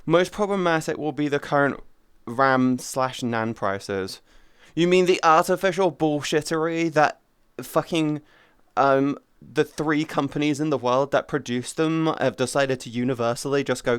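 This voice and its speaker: A man's voice: a little high, unhurried, clean tone, no room sound. A young adult man chatting casually on a live stream, rambling, swearing freely and restarting his sentences. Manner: rambling, profane, restarts often.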